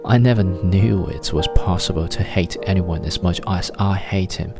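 A man voicing a bitter, vindictive betrayed wife who speaks quickly with little gasps and a trembling voice. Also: sits low, music in the background.

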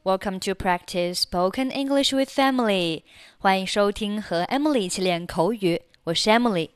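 A woman teaching English phrases in a slow scripted lesson, reading each line twice with careful diction. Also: medium pitch, no echo, studio quality, faint music behind. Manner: reads phrases twice, slowly and clearly.

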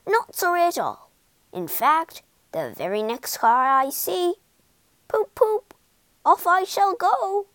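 A woman voicing a boastful, reckless male toad who talks in giddy, loud swings. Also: medium pitch, wildly swooping pitch, slow, hardly any pauses, dry recording. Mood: defiant.

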